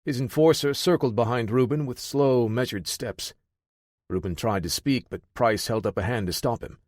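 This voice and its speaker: A man narrating an audiobook thriller in a steady, measured way. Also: medium pitch, no room sound, clean studio sound.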